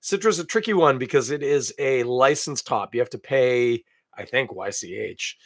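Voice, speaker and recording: A man's voice: mid-range voice, animated, moderate pace, no echo, studio quality. A man from Canada hosting a beer podcast alone, chatting casually and thinking aloud with self-deprecating asides. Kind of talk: casual solo tasting chat.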